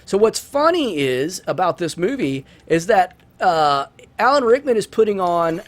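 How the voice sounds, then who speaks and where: A man's voice: high voice, big pitch swings, unhurried. A man hosting a let's-play, chatting casually through a movie review in a rambling way with many restarts.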